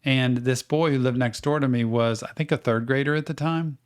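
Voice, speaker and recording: A middle-aged man, co-hosting a podcast and telling stories in a casual, animated way. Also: medium pitch, brisk, smooth. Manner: animated storyteller, acts out quoted voices. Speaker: podcast co-host. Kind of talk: casual storytelling.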